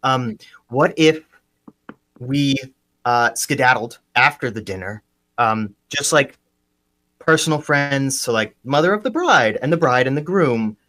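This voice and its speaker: A man's voice: mid-range voice, expressive, pushed and bright. A man improvising a groom who hesitantly hints at a scheme, in live improv comedy. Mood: scheming. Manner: halting, hesitant, full of ums. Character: groom hinting at a sly arson scheme.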